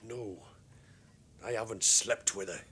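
An actor playing a measured, placating man caught in a row, in a soap opera scene. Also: lowish voice, steady tone, sharp tone, husky, heavily acted. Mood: calm. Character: calm Welsh poet rival, steady and unflustered.

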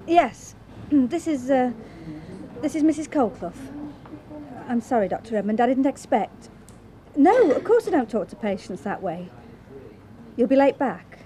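A fretful, indignant receptionist. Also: female voice, a little high, warm tone. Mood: fawning. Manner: prim, indignant, turns fawning on the phone. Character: fretful, put-upon northern receptionist woman. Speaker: doctor's receptionist.

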